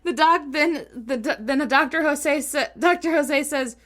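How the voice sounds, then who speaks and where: A woman co-hosting a podcast, telling a true-crime ghost story in a giggly, animated, chatty way. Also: high-pitched, normal speed. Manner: giggly, animated, lots of laughter. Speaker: podcast co-host. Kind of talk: casual chat, storytelling.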